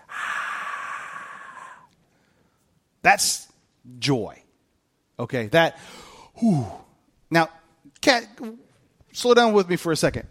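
A man preaching a sermon as a pastor, animated and candid, with self-mocking humor and voices acted out in quotes. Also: high voice, takes it slowly, long pauses.

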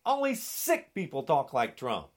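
Indignant ranting man, swooping pitch. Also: huge pitch swings, measured pace. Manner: sarcastic, indignant, mocking. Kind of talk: angry political rant.

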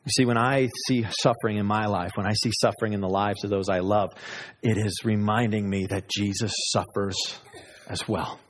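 A man preaching a sermon, moving between loud, high exclamations and low, hushed asides. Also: breathy edge. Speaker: pastor.

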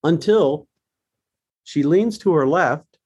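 A man's voice: fairly high pitch, animated, slow pace, darkish tone, slightly rough, lo-fi sound. A middle-aged man, a bereaved father, speaking earnestly and emotionally as a podcast guest. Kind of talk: podcast interview.

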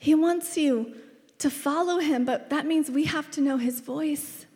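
A woman's voice: sits high, unhurried, darkish tone. A woman in her thirties preaching a sermon, chatty and storytelling, often laughing as she talks. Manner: chatty storytelling, laughs often, drops to a whisper in tender moments. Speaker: pastor. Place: large church hall. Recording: long hall reverb.

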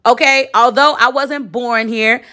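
A woman's voice: fairly high pitch, measured pace, clear, resonant tone. A woman in her forties from Chicago hosting her own podcast, talking casually and animatedly to listeners, often checking in with "okay?". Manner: chatty, animated, lots of direct address and 'okay?'. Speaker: podcast host. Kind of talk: casual solo podcast recap.

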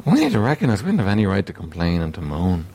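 A man preaching a sermon, emphatic and repetitive, often clearing his throat and asking rhetorical questions. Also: sits low, wildly swooping pitch, fast talker, a little mellow. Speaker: pastor.

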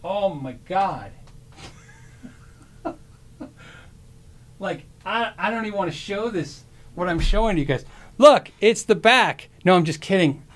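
A man hosting his own show in a casual livestream chat, excitable and stammering, often restarting his sentences. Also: high voice, a little slow, pauses often. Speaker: show host.

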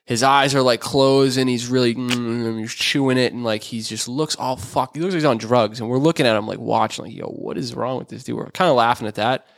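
A young man co-hosting a podcast, telling stories in casual, animated chat full of swearing and "bro.". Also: mid-range voice, a little fast, few pauses, no room sound, studio quality. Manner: animated, swears a lot, says bro and dude. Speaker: podcast co-host.

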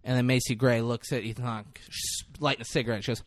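Talking quickly with few pauses, a man at medium pitch recaps a film with a fellow podcast host. He animatedly performs the characters' lines with big vocal swings and free swearing, and the recording is dry and studio quality.

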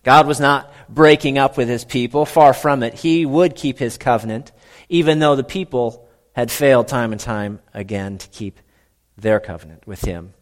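A male pastor preaching a sermon, telling the story dramatically with big swings between loud and hushed. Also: medium pitch, moderate pace.

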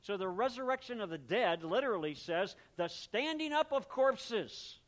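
A man with a notably high speaking voice delivers a sermon from the pulpit. He talks to the congregation in an easy, conversational way, unpacking the meaning of words and slipping into quick voiced exchanges to make his point. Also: animated, fairly bright tone. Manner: conversational, explains word meanings, acts out little exchanges. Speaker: pastor.

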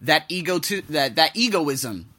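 Speaking unhurriedly in a slightly high, expressive voice with a sharp tone, an English teacher living and working abroad hosts a casual podcast monologue. He rants bluntly about his work and swears without restraint.

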